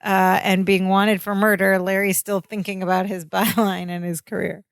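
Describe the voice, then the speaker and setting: A woman co-hosting a podcast, casually recapping a sitcom episode in a chatty storytelling way, with fillers and quick self-corrections. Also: mid-range voice, little pitch movement, dry recording, studio quality. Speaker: podcast co-host.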